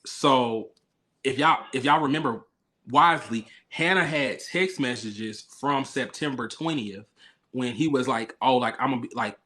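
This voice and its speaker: A man's voice: mid-range voice, a little slow, a bit bright. Chatty man hosting a recap call. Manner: chatty, filler-heavy, rambling. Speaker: podcast host. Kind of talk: casual reality TV recap chat.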